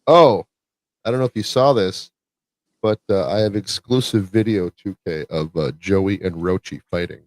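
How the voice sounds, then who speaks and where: A man co-hosting a casual stream chat, laid-back and rambling as he thinks out loud. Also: sits low, moderate pace. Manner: laid-back, rambling, weighs options aloud. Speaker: podcast co-host.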